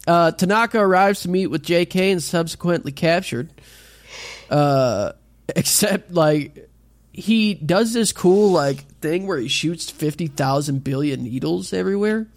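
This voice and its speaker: A man's voice: fairly high pitch, a little slow, no echo. A man co-hosting a podcast, casually recapping an episode with lots of fillers and swearing. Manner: rambling recap with many "uh"s and profanity. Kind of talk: casual chat.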